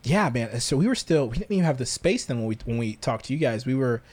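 A man's voice: medium pitch, expressive, quick pace, a little mellow. A young man from the American South, hosting a podcast in casual, joking chat and slipping into silly voices. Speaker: podcast host.

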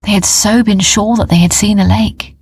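A woman narrating a children's story in a gentle, unhurried way, sometimes dropping to a near whisper. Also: mid-range voice, fairly even intonation, slightly rough, no room sound.

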